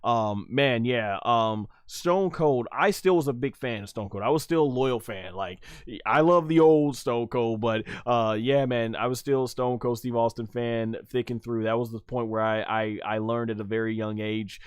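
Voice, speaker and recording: A man's voice: medium pitch, normal speed, few pauses, clean tone, no room sound, clean studio sound. A man hosting a casual live stream about wrestling, reading chat messages aloud and rambling with fillers.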